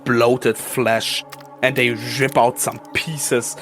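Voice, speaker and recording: A man's voice: medium pitch, level tone, slow pace, fairly bright tone, faint music behind. Profane, casual game master man. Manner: casual, profane, vivid narration. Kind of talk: narrating a tabletop horror game.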